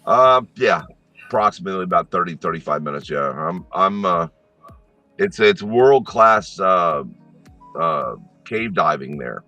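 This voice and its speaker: A man with a very deep voice talks as a relaxed guest, explaining with plenty of pauses and restarts. His tone is forceful and bright, the sound is dry and close, and there is faint music underneath. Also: no echo, muffled recording. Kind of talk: casual chat.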